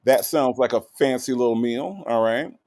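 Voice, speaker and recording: A man hosting a casual livestream, reading out viewer comments and greeting them one by one in a teasing, animated way. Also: mid-range voice, normal speed. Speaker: livestream host.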